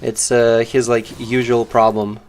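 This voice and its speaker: A man's voice: medium pitch, level tone, measured pace, darkish tone, slight background noise. A man streaming a game, chatting casually and sarcastically, rambling with lots of fillers. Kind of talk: casual live-stream chat.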